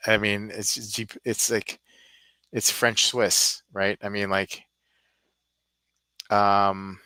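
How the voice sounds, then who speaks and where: A man's voice: lowish voice, little pitch movement, slow pace, long pauses, bright, forceful tone, smooth, dry recording. A man hosting a casual live stream, rambling and thinking aloud as he browses.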